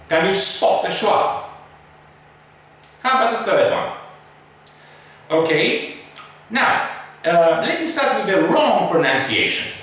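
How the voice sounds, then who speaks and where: A high, lively male voice that speaks slowly and carefully, stressing each word as he teaches pronunciation. The tone is bright, and he sits back from the mic in a very echoey room. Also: distant mic. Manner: slow, emphatic, models words carefully. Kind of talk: English pronunciation lesson.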